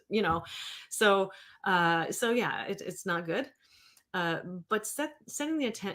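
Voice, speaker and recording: Rambling woman in her fifties, low-voiced. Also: a bit bright. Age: 50s. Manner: rambling, reads viewer comments aloud. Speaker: therapist hosting a livestream. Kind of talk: casual livestream talk.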